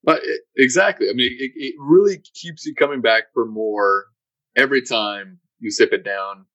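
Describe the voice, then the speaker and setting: A man's voice: mid-range voice, normal speed, a bit bright, no echo, muffled recording. Stammering man in casual podcast chat. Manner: stammering, repeats words often. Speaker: podcast co-host.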